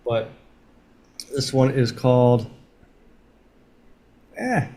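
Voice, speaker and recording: A man's voice: medium pitch, sing-song, drawn-out words, mellow. A man co-hosting a casual sports podcast, easygoing and laughing things off as he eats hot wings on a bet. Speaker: co-host.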